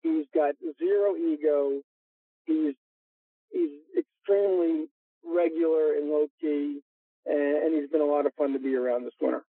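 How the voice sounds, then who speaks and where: A golf instructor from New York with a New York accent, telling stories with animated energy as a guest on a radio interview. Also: male voice, a little high, moderate pace, dry recording. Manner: animated storyteller, laughs while telling. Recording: dry narrow phone-line sound.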